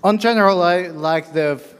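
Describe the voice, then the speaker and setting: A man whose native language is Finnish, slowly and hesitantly asking a question from the audience at a convention panel. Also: high-pitched, clean tone. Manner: slow, hesitant, searching for words. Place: convention hall. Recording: reverberant convention hall.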